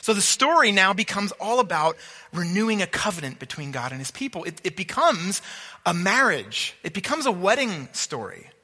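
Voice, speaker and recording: A man preaches earnestly in a high, tense voice with a sharp, bright edge, repeating words for emphasis and asking listeners whether they follow. His delivery is sing-song at a moderate pace, echoing with the long reverb of a large hall.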